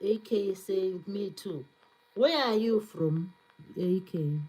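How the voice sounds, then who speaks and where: A woman's voice: mid-range voice, takes it slowly, darkish tone, low-quality recording. A woman hosting a live stream, chatting casually and reading out viewer comments to answer them. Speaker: cooking channel host on a live stream.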